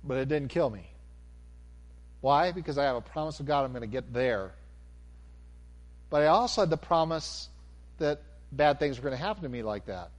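A man preaching a sermon, animated, swinging from near-shouts down to a calm, low delivery. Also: normal speed, pauses often.

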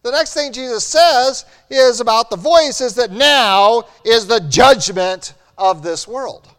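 A man preaching a sermon as pastor, earnest and building to animated emphasis. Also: very high voice, takes it slowly. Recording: long hall reverb.

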